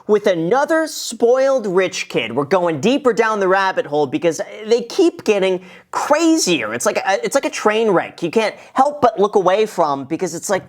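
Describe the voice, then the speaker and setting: Man, show host, reaction commentary, chatty, playful, lively swings in pitch. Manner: animated and chatty, quick laughs, playful asides.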